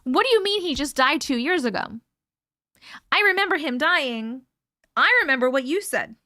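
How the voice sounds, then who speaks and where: A woman with a bright, higher-pitched voice reads a viewer's story aloud during a live stream. She breaks in often with casual, chatty asides. Her voice sits close and dry on the microphone, with almost no room sound. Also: expressive, normal speed, dry recording. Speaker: host reading viewer stories.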